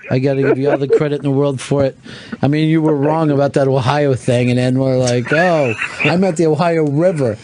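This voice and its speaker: A man's voice: medium pitch, steady tone, brisk, noisy background. A man hosting a talk radio show, joking and swearing in casual banter with callers. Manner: profane, joking, laughs often.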